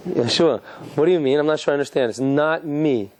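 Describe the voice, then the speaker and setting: A man, a rabbi, giving an animated, joking lecture and quizzing his live audience. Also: fairly high pitch, fairly quick.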